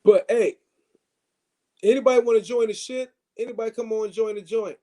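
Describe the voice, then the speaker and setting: A man's voice: high-pitched, fairly even intonation, a little fast, dark tone. A man hosting a live stream, chatting loosely about boxing, with many fillers and restarts.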